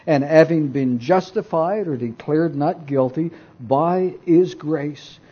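A man preaching a sermon and reading scripture aloud, deliberate and emphatic, and asking his listeners rhetorical questions. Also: fairly high pitch, husky, muffled recording.

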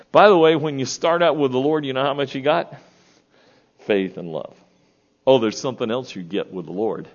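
Folksy preacher, muffled church recording. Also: male voice, mid-range voice. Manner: folksy, asks the congregation questions. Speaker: pastor. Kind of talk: sermon.

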